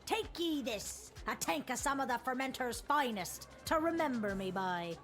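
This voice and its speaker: A woman's voice: sits high, lively intonation, moderate pace, fairly bright tone. A woman voicing a boisterous female pirate captain in a video game, full of hearty pirate slang and growly laughs. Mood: boastful. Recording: game audio with faint music.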